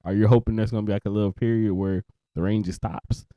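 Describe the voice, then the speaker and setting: A man's voice: on the low side, flat delivery, quick pace, dry recording, muffled recording. A young man co-hosting a podcast in a loose casual chat, trailing off, restarting and laughing often. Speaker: podcast co-host.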